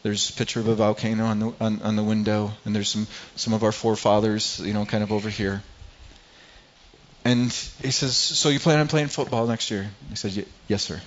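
A man preaching a sermon, telling a personal story in a halting way, often repeating words and growing quiet at painful moments. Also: on the low side, level tone. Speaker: pastor. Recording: slightly dull lo-fi sound.

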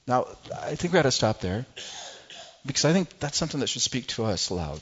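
A man's voice: mid-range voice, lively intonation, fairly quick, highs cut off. A man preaching a sermon as pastor, often restarting phrases and rising into pleading when he quotes prayers.

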